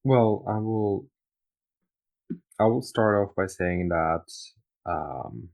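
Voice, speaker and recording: A man's voice: fairly low pitch, very slow, a little mellow. A man co-hosting a casual tarot reading chat, agreeable and thoughtful. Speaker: tarot reader co-host.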